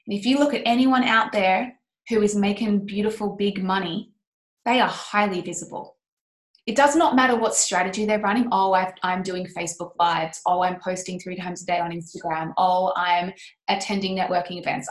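A woman's voice: mid-range voice, moderate pace, reverberant. A woman co-hosting a casual podcast, talking about business and mindset in an impassioned, emphatic and candid way, with the odd swear word.

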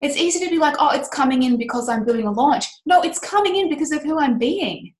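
A woman's voice: high-pitched, expressive, fast talker. Impassioned woman in an echoey room. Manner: impassioned, emphatic, candid, swears now and then. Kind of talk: casual podcast chat about business and mindset.

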